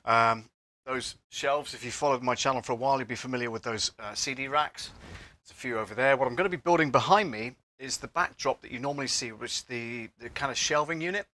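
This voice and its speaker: A man's voice: medium pitch, fairly quick, sharp tone. A man hosting a casual live stream from his apartment studio, a little out of breath, rambling with many fillers, recorded on a lapel mic. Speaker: host of an audio production channel. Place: apartment home studio, indoors.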